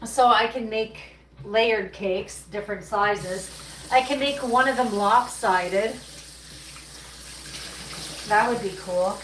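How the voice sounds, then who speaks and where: A woman's voice: medium pitch, slow pace, long pauses, a bit bright. Chatty woman baking on a roomy, distant livestream. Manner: chatty, rambling, talks to chat viewers. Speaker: livestream host baking at home. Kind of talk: casual live-stream chat while working. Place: home kitchen. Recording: roomy, distant, noisy kitchen sound.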